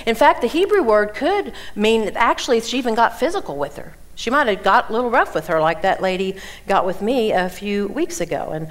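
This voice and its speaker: A woman in her sixties teaching the Bible at a women's conference, telling stories with animated delivery and acting out the people she quotes. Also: fairly high pitch, brisk, hardly any pauses. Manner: animated storytelling, acts out quoted voices.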